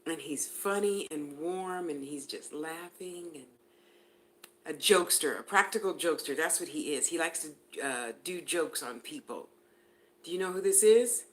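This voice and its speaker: A woman's voice: low voice, animated, moderate pace. Chatty woman giving a live psychic reading. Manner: chatty, giggly, addresses viewers by name. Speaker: spiritual reader.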